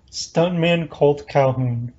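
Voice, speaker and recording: A man hosting a podcast, firing off brisk questions in a casual chat. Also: on the high side, dark tone, dull audio. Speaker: podcast host.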